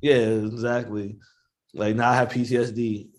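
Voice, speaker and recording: A man's voice: mid-range voice, flat delivery, moderate pace. A man in laid-back, profane casual chat, laughing often and drawing words out.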